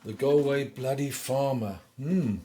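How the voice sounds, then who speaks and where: A man's voice: mid-range voice, unhurried, mellow, a little hiss or hum. A man with a West Country accent, chatting casually between songs at home and reading out dedications for a request show. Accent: English West Country. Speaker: singer-songwriter hosting a request show. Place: at home during lockdown. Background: faint guitar.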